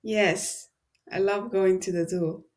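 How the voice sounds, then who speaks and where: A woman's voice: medium pitch, fairly even intonation, takes it slowly, darkish tone. A woman practicing German in a lesson, carefully repeating words after the teacher. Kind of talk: language lesson.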